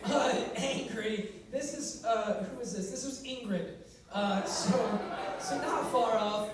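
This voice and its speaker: A man's voice: extremely high pitch, lively intonation, slow, a loud crowd. A young man speaking as a youth speaker, talking casually and playfully to a live audience in a large hall. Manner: playful and joking. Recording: echoey hall from far off with audience.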